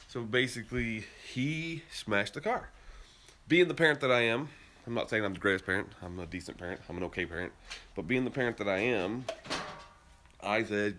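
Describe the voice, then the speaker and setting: Telling a rambling story on his podcast, this host from Utah, US, restarts often and grows heated and emphatic. His voice is on the low side, expressive, a little fast, and sharp in tone, captured in a garage and a car, indoors and out.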